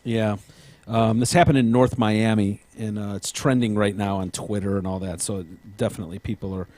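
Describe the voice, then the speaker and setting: A man's voice: on the low side, steady tone, normal speed, a little mellow, no room sound. A man hosting a podcast in casual chat, rambling and hedging with plenty of ums. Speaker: podcast host.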